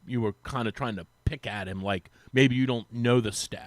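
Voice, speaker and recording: A man on sports radio telling a long anecdote in casual chat, acting out the quotes with a rising, lively voice. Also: medium pitch, fairly quick, few pauses, a little hiss or hum. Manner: animated, acts out quotes with rising voice. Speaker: sports radio guest, former team reporter. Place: radio studio.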